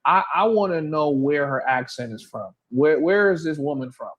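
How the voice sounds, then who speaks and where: A man reacts to clips in a relaxed, teasing commentary, speaking in a somewhat high register for a man. He sounds casual and slightly amused at what he is watching. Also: normal speed. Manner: laid-back and mocking. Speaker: reaction video host.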